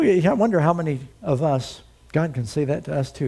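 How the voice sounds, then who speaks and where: Husky, mellow-voiced preacher man. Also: expressive, normal speed, few pauses. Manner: dramatic, reads scripture aloud with big swings in pitch; conversational asides to the congregation. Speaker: pastor. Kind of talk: sermon.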